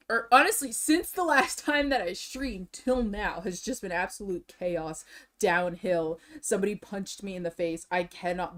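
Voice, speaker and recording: A young woman streamer chatting casually in a rambling way, restarting her sentences often and swinging between tired and excited. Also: mid-range voice. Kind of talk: casual chat.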